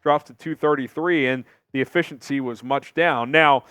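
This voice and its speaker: A man hosting an opinionated sports talk show, talking emphatically with big swings in pitch and volume. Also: normal speed, fairly bright tone, smooth, dry recording, clean studio sound.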